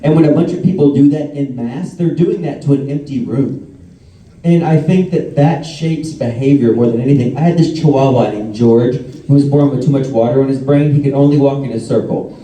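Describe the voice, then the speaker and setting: A man's voice: medium pitch, fairly quick, warm tone. A man on a convention panel, telling chatty anecdotes and laughing between stories. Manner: chatty storyteller, laughs mid-story. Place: convention hall. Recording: roomy hall audio from a distance.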